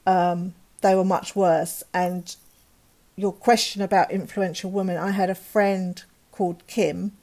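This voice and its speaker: A woman's voice: on the low side, level tone, measured pace, a little mellow. A middle-aged woman, a guest telling a painful personal story candidly and acting out the dialogue of others.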